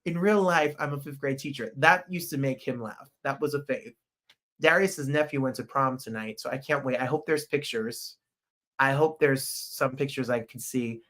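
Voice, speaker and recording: A man hosting a podcast in casual, excitable, rambling livestream chat. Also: medium pitch, normal speed. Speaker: podcast host.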